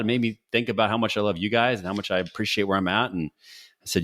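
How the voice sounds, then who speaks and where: A middle-aged man hosting a podcast in a casual, upbeat and jokey way, firing off quick quiz questions. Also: on the low side, a bit bright. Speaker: podcast host. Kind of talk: casual interview talk.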